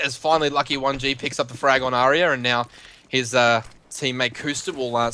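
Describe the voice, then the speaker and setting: An Australian man casting a live esports match, his voice bright and sharp, set a touch higher than most men's. He narrates the action with eager energy and lifts hard whenever a big play lands. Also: slight background noise. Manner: excitable, rises sharply on big plays. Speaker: esports commentator. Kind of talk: play-by-play commentary.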